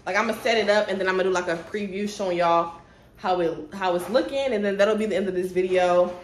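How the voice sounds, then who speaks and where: A woman's voice: medium pitch, fast talker. A young woman, chatting casually to viewers about her shopping haul at home. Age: 20s. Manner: chatty, talks straight to viewers, sidetracked. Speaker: vlogger. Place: at home, indoors. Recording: echoey room with faint noise.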